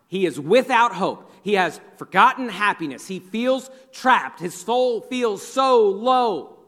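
A male pastor with a very high, bright, forceful voice delivers a conversational sermon. His words ring out with a long reverb trailing through a large hall. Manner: conversational preaching, acting out quoted inner voices.

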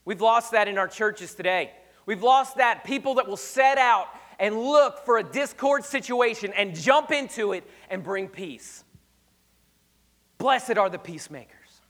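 A pastor preaching a sermon, emphatic and conversational with rhetorical questions, slightly hoarse. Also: male voice, sits high, measured pace, a bit bright.

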